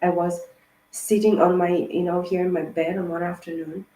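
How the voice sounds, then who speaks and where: Woman tarot reader, casual rambling monologue, emphatic and profane, mellow tone, echoey room. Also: on the low side, little pitch movement, normal speed, a little hiss or hum. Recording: roomy echo.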